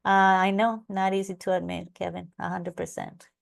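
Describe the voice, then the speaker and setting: A woman's voice: medium pitch, flat delivery, moderate pace, creaky. A woman coaching a live online class, acting out her own past thoughts and answering attendees by name. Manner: reads out attendee names from chat. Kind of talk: live webinar teaching.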